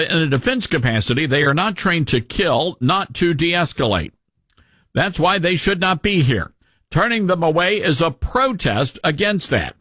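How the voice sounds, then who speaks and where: A man hosting a radio talk show, his voice somewhat high and slightly husky. He swings his pitch widely as he comments, dropping in sarcastic, mocking asides. The studio sound is dry and close. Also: fairly bright tone, dry recording.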